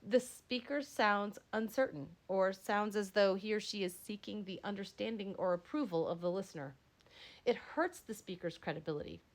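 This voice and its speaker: A woman instructor reading a textbook lesson aloud, with frequent slips and self-corrections. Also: medium pitch. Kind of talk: lecture read aloud.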